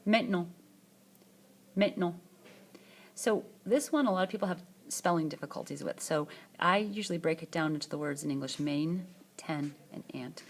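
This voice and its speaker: A woman with a slightly low voice teaches a French lesson in a screencast. She pronounces each word carefully and says it twice so students can copy her. Her delivery is patient and instructional. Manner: slow, repeats words twice for the learner. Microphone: tablet screencast.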